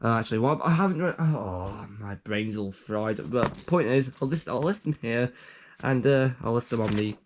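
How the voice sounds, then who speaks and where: A man's voice: medium pitch, lively intonation, normal speed. A young man casually reading out his own joke documents, rambling and trailing off with self-aware asides. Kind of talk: casual commentary.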